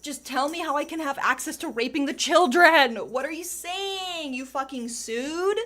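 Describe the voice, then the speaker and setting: A woman voicing an exasperated older male professor who swears bluntly and loudly. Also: fairly high pitch, lively intonation, a little slow. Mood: indignant. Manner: loud, profane outbursts.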